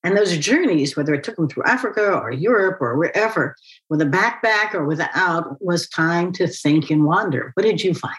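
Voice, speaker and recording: A woman's voice: lowish voice, animated, moderate pace, fairly bright tone, low-quality recording. A woman hosting an interview, an author herself, sharing memories and asking long reflective questions. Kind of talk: interview conversation.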